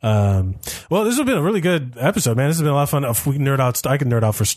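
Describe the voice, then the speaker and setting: A young man hosts a podcast at a mid-range pitch. He chats excitably, stammers through repeated words and swears casually. His voice is recorded close and dry. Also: racing, dry recording. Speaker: podcast host. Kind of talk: casual chat.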